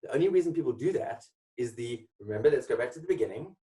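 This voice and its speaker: A man's voice: mid-range voice, animated, quick pace, dark tone, distant mic, low-quality recording. A man giving an emphatic motivational webinar talk full of rhetorical questions. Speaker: motivational speaker. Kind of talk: webinar presentation.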